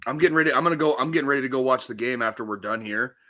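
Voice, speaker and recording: A man's voice: medium pitch, rapid-fire, bright, forceful tone. A man co-hosting a podcast, chatting casually and rambling, swearing often and breaking into laughter. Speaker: podcast co-host. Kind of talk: casual chat.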